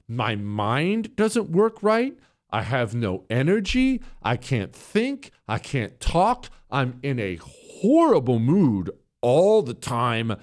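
A middle-aged man hosting a talk radio show, speaking in a cocky, joking, conversational way with frequent restarts. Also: a little high. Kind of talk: casual monologue.

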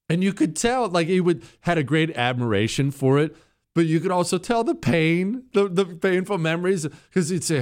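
A man's voice: a little high, sing-song, moderate pace. A middle-aged man hosting a talk radio show, speaking in a cocky, joking, conversational way with frequent restarts. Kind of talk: casual monologue.

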